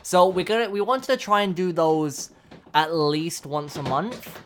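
A man's voice: sits high, steady tone, measured pace, slight background noise. A young man co-hosting a relationship podcast, chatting casually with lots of fillers and frequent laughs. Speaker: podcast co-host. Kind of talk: casual chat.

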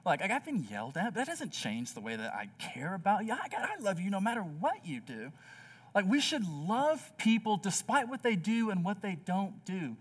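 A man's voice: sits high, very animated, moderate pace, distant mic. A young man preaching a sermon as pastor of a church, telling stories with many "like" fillers. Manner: earnest storytelling with many "like" fillers.

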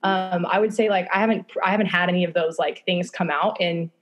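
A woman's voice: on the low side, fairly even intonation, fairly quick. A young woman talking candidly on a podcast, casual, with lots of fillers and swearing. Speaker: guest.

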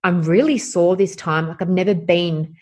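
Speaking at a moderate pace in a lowish voice, a guest shares her own story openly. She's animated and performs the quoted dialogue as she goes.

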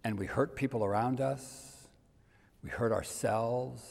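Older male preacher, mid-pitched, conversational delivery that sinks to near-whispers; long hall reverb. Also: measured pace, gravelly. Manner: conversational, dropping to soft near-whispers for emphasis. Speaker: pastor. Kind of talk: sermon.

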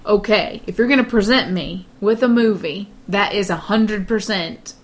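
A woman with an ordinary mid-range voice co-hosts a casual podcast. She tells stories with animation and keeps dropping in quick asides. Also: medium pitch. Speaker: podcast co-host. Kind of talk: casual chat.

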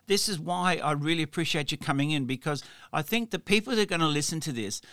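Aussie guy hosting a podcast, bright voice, kinda rambly, dry close mic. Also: on the high side, expressive, quick pace, dry recording. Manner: rambling, with many restarts and fillers. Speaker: podcast host. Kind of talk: interview chat.

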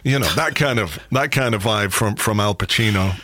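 A man's voice: on the low side, normal speed, pushed and bright, no room sound, clean studio sound. A man hosting a podcast, chatting casually and telling jokey stories. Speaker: podcast host. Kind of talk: casual chat.

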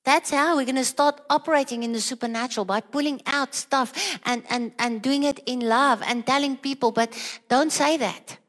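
Woman preacher, high voice, earnest rhetorical questions, sermon, long hall reverb. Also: fairly even intonation, brisk, hardly any pauses, fairly bright tone.

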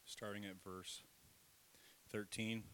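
A middle-aged man preaching a sermon in a church, lively and self-deprecating, leading the congregation in call-and-response. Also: lowish voice, slow pace, a little hiss or hum. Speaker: pastor. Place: church sanctuary.

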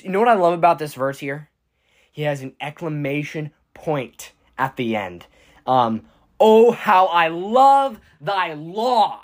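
A teenage preacher giving an informal sermon, earnest and halting, with frequent restarts and bursts of excited emphasis. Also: mid-range voice. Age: teens.

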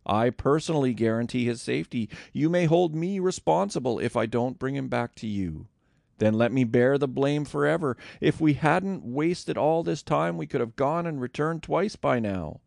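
A man's voice: mid-range voice, expressive, normal speed, vocal fry, darkish tone, no echo, studio quality, voice pushed up. A man reading the part of an earnest brother pleading with his father, with an urgent delivery.

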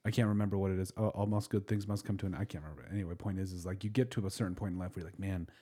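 A man chatting on a casual podcast, talking quickly in a lowish voice. He rambles, trails off mid-thought and circles back with fillers before landing his point. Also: steady tone, dark tone. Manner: rambling, trails off and restarts often. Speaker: podcast host.

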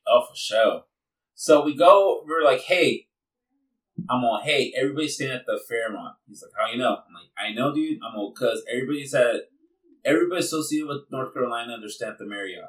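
A man telling a profane, animated story in casual chat, slipping Spanish words into his English. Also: mid-range voice, fairly quick. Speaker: podcast guest telling a story. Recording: echoey room, distant mic.

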